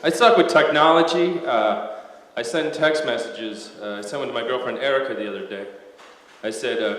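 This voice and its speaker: A man doing a stand-up comedy set on a club stage, deadpan with lots of "uh" pauses. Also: mid-range voice. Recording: echoey live club with loud noise.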